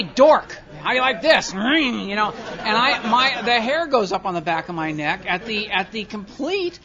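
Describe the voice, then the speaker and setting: A man speaking at a recovery meeting, telling a self-mocking story to an audience and swinging from quiet asides to loud comic rants. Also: high-pitched. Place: large convention hall with audience. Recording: dull lo-fi live hall recording, faint crowd.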